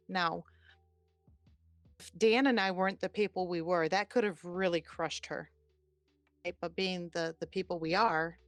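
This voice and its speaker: A woman in her forties, a podcast host, telling a personal story in an animated, chatty way. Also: on the low side, no room sound. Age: 40s. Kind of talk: casual storytelling chat.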